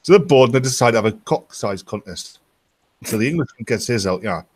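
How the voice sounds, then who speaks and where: A man telling crude jokes in casual stream banter, halting and restarting as he goes. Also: medium pitch, animated, darkish tone, husky, no room sound. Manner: halting, stumbling starts before punchlines.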